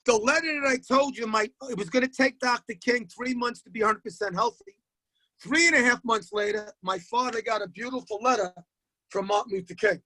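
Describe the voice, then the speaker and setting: A man, a high school basketball coach telling stories in a casual interview, animated and acting out voices. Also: brisk, dry recording. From Queens, New York. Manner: animated storyteller who acts out voices and repeats himself.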